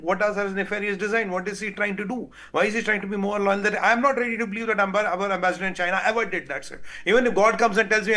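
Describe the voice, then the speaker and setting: A man on a news debate panel, speaking angrily and forcefully. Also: high-pitched. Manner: angry, forceful.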